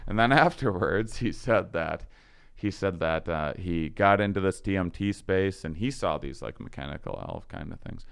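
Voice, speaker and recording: A man's voice: sits low, expressive, normal speed, gravelly, fairly bright tone, smooth. A man telling a long story in casual conversation, acting out quoted lines and laughing often. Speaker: podcast guest.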